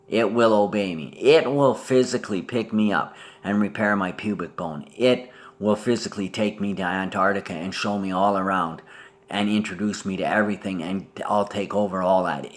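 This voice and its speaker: A man in a rambling spoken monologue, swearing and jumping between topics while talking to absent relatives. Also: lowish voice. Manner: talks to absent relatives as if present.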